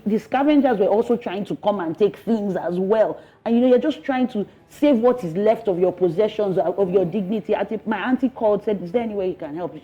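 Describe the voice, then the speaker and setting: Distressed woman, halting account. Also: mid-range voice, lo-fi sound. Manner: earnest and distressed, halting with many restarts. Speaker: interviewee, resident and mother. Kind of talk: emotional first-person account in an interview.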